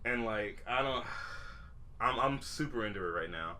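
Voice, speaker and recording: On a podcast he co-hosts, a young man chats casually and rambles, swearing and piling up fillers and restarts. His medium-pitched voice is bright and forceful with lively intonation and a moderate pace, over slight background noise.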